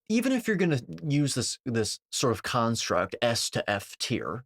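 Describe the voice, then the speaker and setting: A man's voice: medium pitch, huge pitch swings, moderate pace, a bit bright, dry recording, clean studio sound. A man giving a dismissive, combative reaction commentary, packed with technical jargon and occasional swearing.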